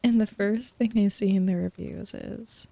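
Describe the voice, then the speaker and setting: Husky, soft-spoken woman in whispered role-play. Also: mid-range voice, fairly even intonation, normal speed. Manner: soft, teasing and giggly, mock-sinister. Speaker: streamer.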